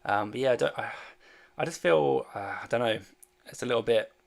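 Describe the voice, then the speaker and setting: A man's voice: mid-range voice, a little fast, creaky. A man casually chatting on a livestream, rambling and hesitant with many fillers as he answers viewer questions. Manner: reads and answers viewer chat. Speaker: fantasy sports streamer.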